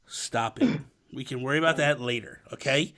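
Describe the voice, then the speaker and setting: A young man hosts a casual gaming podcast in a mid-range voice at normal speed. He's an animated storyteller who laughs often and slips into mock exasperation.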